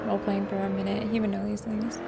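A woman's voice: medium pitch, level tone, fast, vocal fry. A woman streamer chatting casually while gaming, rambling loosely and swearing freely. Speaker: streamer playing a role-play game. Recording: game audio and engine noise behind her.

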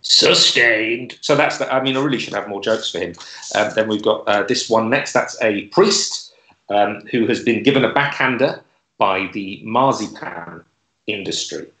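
A man with a slightly low voice doing deadpan stand-up. He hesitates and restarts, delivering absurd jokes dryly in a roomy, echoey space. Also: moderate pace. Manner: hesitant, many fillers and restarts, dry delivery. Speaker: comedy club co-host.

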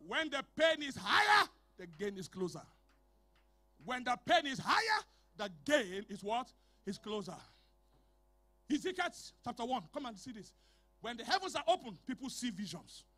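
High-voiced, bright preaching pastor. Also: male voice. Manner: animated preaching, shouting declarations, then dropping to quiet storytelling; calls on the congregation to repeat phrases. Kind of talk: sermon. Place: church hall.

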